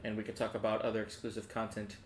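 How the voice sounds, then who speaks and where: A man's voice: on the low side, completely flat delivery, fast talker, reverberant. A man hosting a casual game livestream in an upbeat, chatty way, often laughing. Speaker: let's-play streamer.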